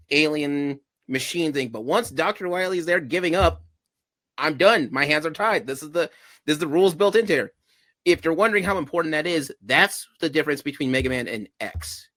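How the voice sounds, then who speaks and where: Bright-voiced man chatting on a podcast. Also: fairly high pitch, no echo. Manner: laughs often, rambling retelling. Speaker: podcast host. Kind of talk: casual chat.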